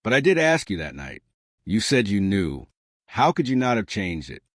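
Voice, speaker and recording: A flustered, clingy young college woman who rambles in defensive pleas, put on by a male storyteller. The voice sits fairly low and swings widely in pitch. It sounds close and dry, with no room around it. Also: wildly swooping pitch, normal speed, no echo. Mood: panicked.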